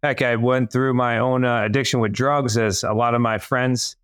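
Man from Massachusetts, podcast guest, smooth clear voice, dry sound, energetic and friendly. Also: mid-range voice, no room sound. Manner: energetic, friendly, quick bursts. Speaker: guest, real estate entrepreneur. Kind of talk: casual conversation.

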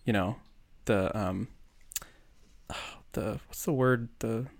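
A man's voice: lowish voice, slow, gravelly. A man from Buffalo, New York, chatting casually as a podcast co-host, rambling with lots of fillers and laughing easily. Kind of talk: casual chat.

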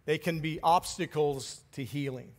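A man preaching a sermon, speaking deliberately with pauses and letting phrases trail off softly. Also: on the high side. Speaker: pastor.

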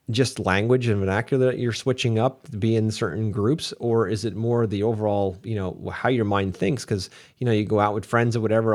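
A man's voice: on the low side, a little mellow. A man in casual podcast conversation, rambling and repeating words as he thinks aloud. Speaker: podcast co-host.

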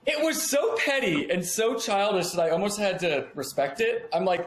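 Male guest, 30s, lively storyteller with a crude streak, voice a touch high, recorded in an echoey room. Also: normal speed. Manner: animated storyteller, profane, acts out dialogue. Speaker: podcast guest. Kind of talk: casual interview chat. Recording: echoey room with faint background hum.

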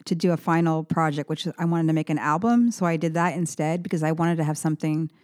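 This is a young woman from the United States with a lowish voice, telling stories as a guest on a talk show. She talks in a halting, wandering way, full of restarts and "you know"s. The sound is dry and close. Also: fairly even intonation, a little mellow, dry recording. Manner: rambling, halting with many restarts. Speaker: musician guest. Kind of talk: casual interview chat.

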